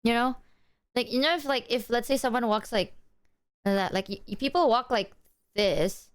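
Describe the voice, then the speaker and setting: Rambly, excitable young woman streamer. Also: on the high side, moderate pace, clear, resonant tone. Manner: rambling, excitable, swears freely. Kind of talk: casual livestream chat.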